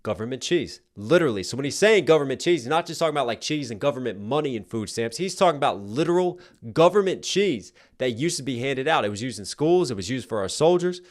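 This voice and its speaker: A man's voice: mid-range voice, lively intonation, quick pace, few pauses. A man talking casually as he breaks down rap lyrics, explaining each point and often checking in with "right?". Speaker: rapper reacting to a song. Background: song playing faintly underneath.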